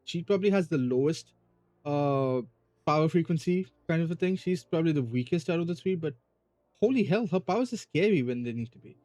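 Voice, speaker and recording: A man's voice: on the high side, expressive, brisk, dark tone, dry recording. A man hosting a game playthrough, thinking aloud in earnest, casual commentary with restarts. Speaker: let's-play host.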